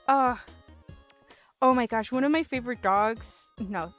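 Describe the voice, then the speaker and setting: A woman's voice: sits high, animated, moderate pace, fairly bright tone, soft background music. A woman streamer chatting casually with her live chat, rambling and giggling often with lots of "like".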